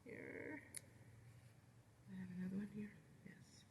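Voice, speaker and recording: A woman's voice: medium pitch, slow, background noise. A woman teaching how to make tassels, talking through each step of a hands-on demonstration. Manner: step-by-step, repeats "you're gonna". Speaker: knitting instructor.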